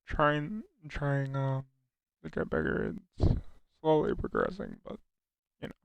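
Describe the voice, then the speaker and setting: A young American livestreamer reads out his viewers' chat questions and answers them one by one in a casual stream, often restarting sentences after tripping over their openings. His heavily gravelly voice swoops wildly in pitch and moves a little slowly. The sound is close and dry with no room around it, and the highs are cut off.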